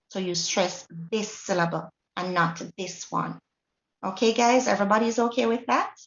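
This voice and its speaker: A woman's voice: mid-range voice, normal speed, creaky. Jamaican woman teaching a Spanish lesson. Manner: explanatory, checks in with the class. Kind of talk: classroom lesson. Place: classroom or workshop hall. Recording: roomy, dull lo-fi recording.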